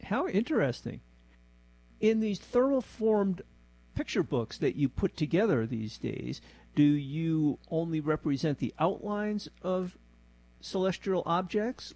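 A man with a gravelly, fairly high voice interviews his guest. He asks curious questions and adds informed remarks from his own experience. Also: sing-song, measured pace, darkish tone. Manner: knowledgeable, inquisitive.

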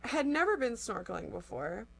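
A young woman telling a story in a casual chat, animated and acting out quotes, with lots of "like". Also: a little high, moderate pace, vocal fry. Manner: animated, acts out quotes, says "like" often.

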